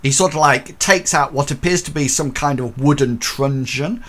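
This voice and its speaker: A man's voice: a little high, normal speed, fairly bright tone. A man narrating as game master, hesitant and full of fillers.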